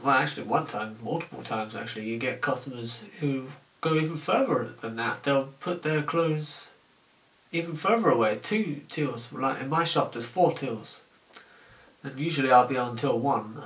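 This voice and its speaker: A man's voice: mid-range voice, a bit bright, far from the mic. A young man from the UK delivering a casual, sarcastic comedic rant to camera about his work as a shop cashier. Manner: sarcastic, exasperated, acts out customer exchanges. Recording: roomy echo, voice off-mic.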